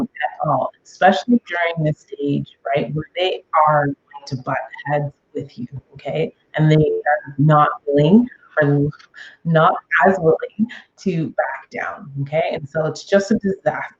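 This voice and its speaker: A middle-aged woman hosts a parenting podcast, offering casual advice in a chatty way, frequently checking in with "okay?" and "um." Her voice is deep, and the audio sounds dull.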